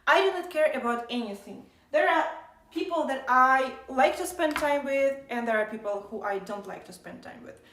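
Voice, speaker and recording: Woman streamer, blunt and irritated, slightly high voice, roomy echo. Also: expressive, normal speed, a bit bright, a little hiss or hum. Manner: blunt, irritated, lecturing chat. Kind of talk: casual live stream chat.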